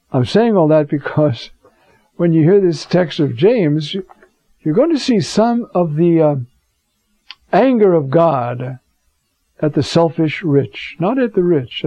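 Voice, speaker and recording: A man's voice: on the high side, warm tone, dry recording. A male priest giving a sermon in a conversational way, reading scripture aloud with emphasis, on a dull, muffled recording.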